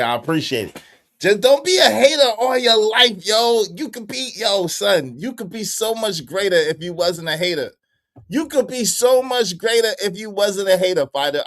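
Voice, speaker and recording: A young man hosting a casual livestream, bantering with the chat in animated, repetitive bursts with frequent laughs. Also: sits high, moderate pace. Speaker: livestream host.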